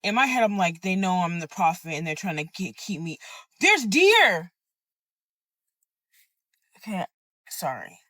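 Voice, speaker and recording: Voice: mid-range voice, a little fast, no room sound. A person telling a personal story in a casual, rambling monologue, peppered with slang and swearing.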